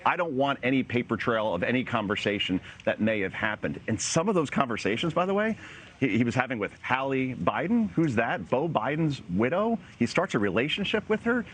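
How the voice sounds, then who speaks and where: A man's voice: medium pitch, sing-song, brisk, fairly bright tone, a little hiss or hum. A man giving pointed, sarcastic political commentary as a guest on a news panel.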